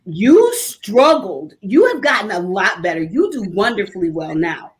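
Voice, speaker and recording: A woman's voice: mid-range voice, rough recording. A middle-aged woman hosting a casual talk show, telling candid stories with frequent laughter. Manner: candid storyteller who laughs often. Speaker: host.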